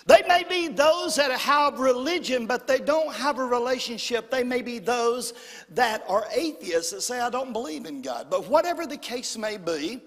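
A man preaching a sermon, swinging from loud declarations down to hushed whispers. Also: high-pitched. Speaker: pastor. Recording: long hall reverb.

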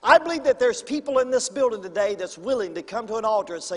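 A man, preaching in a high, bright voice. He gives a fervent altar call, repeating his urgings again and again. His voice carries with a long hall reverb over soft music. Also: lively intonation, fast talker, hardly any pauses. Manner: fervent, repetitive exhortation. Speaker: pastor. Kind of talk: evangelistic sermon altar call. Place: large church auditorium.

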